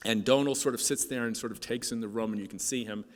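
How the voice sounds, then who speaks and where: A man's voice: mid-range voice, fairly even intonation. Man telling a moving story on stage. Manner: halting, with many restarts and fillers; moved, voice dropping soft at times. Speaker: keynote speaker. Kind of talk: emotional storytelling speech. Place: conference hall. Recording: hall reverb from a stage speech.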